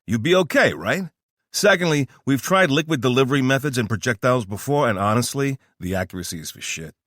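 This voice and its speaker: A man's voice: mid-range voice, lively intonation, fairly bright tone, no echo, studio quality, voice pushed up. A man voicing an eccentric, flamboyant weapons scientist with a New York accent who slips into a fake posh British voice. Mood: excited, brash. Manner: fast-talking, theatrical, switches to a fake posh British put-on. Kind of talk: audiobook character voice.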